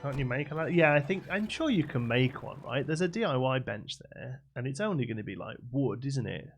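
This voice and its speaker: A young man talks through a live game stream in a loose, rambling way, answering viewers' messages as they come in. His voice has a gravelly, creaky edge, and soft game music plays behind him. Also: medium pitch, sing-song, fairly quick. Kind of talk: casual live-stream chat. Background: faint game music.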